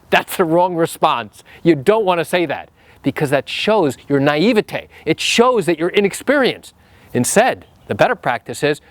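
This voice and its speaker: A man's voice: fairly high pitch, expressive, moderate pace. A lawyer explaining courtroom practice straight to camera, acting out the trial exchanges in his own voice. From New York.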